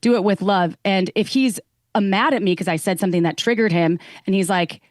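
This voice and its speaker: A woman's voice: medium pitch, a little fast, no echo. A woman talking earnestly as a podcast guest, acting out the lines she quotes. Her voice sits in a middle range and is recorded close and dry, with no room sound. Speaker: guest, sex educator. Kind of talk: casual chat.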